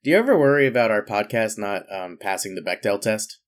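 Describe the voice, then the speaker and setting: A man's voice: on the low side, expressive, brisk. A man co-hosting a podcast, joking and laughing in casual chat. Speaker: podcast co-host.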